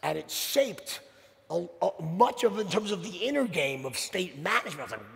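A middle-aged man giving a motivational sales keynote, telling a story in an animated, punchy way and checking in with the audience with "right?". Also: high voice, moderate pace, vocal fry. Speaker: keynote speaker. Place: large conference hall. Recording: long hall reverb from stage.

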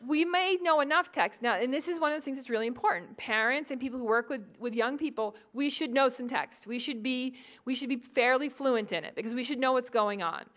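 This is a fairly high-voiced woman from the Boston area, lecturing on adolescent psychology. She jokes easily and teases the audience directly, with plenty of "um" between points. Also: a little fast, hardly any pauses. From New England, Boston area. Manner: lively, joking, addresses the audience directly. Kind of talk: public lecture to adults.

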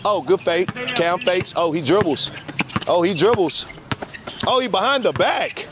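A man calling pickup basketball from the sideline, excited and trash-talking as he keeps the score. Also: high voice, measured pace. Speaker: courtside commentator filming pickup games. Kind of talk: hype courtside commentary. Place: outdoor basketball court. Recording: noisy crowd at an outdoor court. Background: crowd and bouncing ball.

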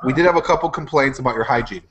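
A man's voice: medium pitch, very fast, lo-fi sound, crowd noise. A man co-hosting a casual podcast, blunt and profane, sounding exasperated. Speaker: podcast co-host.

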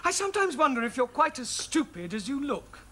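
A man's voice: very high-pitched, sing-song, brisk, some chatter behind, slight background noise, heavily acted. An actor playing an exasperated, proper male English teacher who scolds a joking student. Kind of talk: 1970s sitcom acting. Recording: old TV studio with loud audience laughter.

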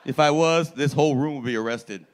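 A man's voice: fairly high pitch, brisk. A male stand-up comedian on a comedy club stage, doing crowd work in brash, profane, slangy street talk and teasing the audience.

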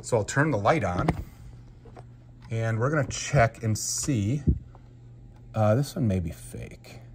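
A man giving casual unboxing commentary as a Lego collector, excitable and exclaiming at each find. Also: lowish voice, takes it slowly, slight background noise. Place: home basement.

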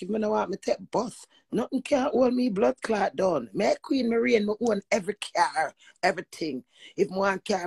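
A woman with a Jamaican accent telling a personal story in an animated monologue, emphatic and profane, often slipping into quoted speech. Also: mid-range voice, gravelly, husky, no room sound, poor audio. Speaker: vlogger.

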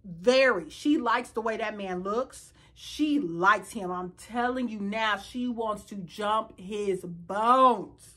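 A woman's voice: medium pitch, takes it slowly, few pauses. A woman, chatting sassily and animatedly as she recaps a reality show for her viewers. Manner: sassy, animated, talks straight to viewers. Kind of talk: casual chat.

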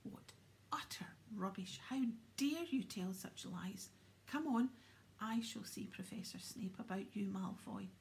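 A woman voicing a strict older female professor in a storybook reading, sharp and scolding. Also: mid-range voice, expressive, a little slow, creaky, whispered.

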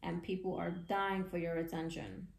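A woman giving a casual tarot reading, chatty and excitable, with slangy talk and frequent laughs. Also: on the low side, normal speed, gravelly, roomy sound. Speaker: tarot reader.

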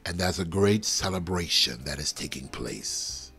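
A man leading a live prophetic prayer over a livestream, fervent and swinging from soft murmurs to loud exclamations. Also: low-pitched, lively intonation, measured pace, vocal fry, faint music behind. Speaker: pastor. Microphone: livestream webcam.

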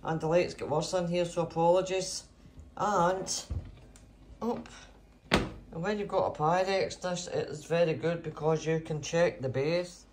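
A man's voice: on the high side, steady tone, measured pace, a little hiss or hum. A man chatting casually in his home kitchen as a cooking vlogger, theatrical and full of cheery exclamations.

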